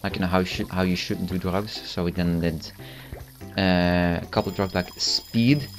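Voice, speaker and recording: A man's voice: low voice, level tone, moderate pace, faint music behind. A teenage boy giving rambling, self-amused gameplay commentary, full of fillers and restarts. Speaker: channel host.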